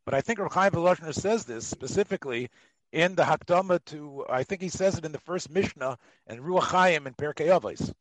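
A man's voice: fairly high pitch, brisk, no echo, low-quality recording. A man taking part in a Torah class discussion, making his point tentatively and often checking in with "right?". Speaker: class participant.

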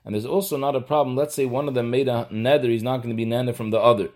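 A man's voice: medium pitch, level tone, racing, a little mellow. A man giving a halachic lesson, explaining step by step. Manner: explanatory, mixes Hebrew and Yiddish terms into English. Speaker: Torah teacher.

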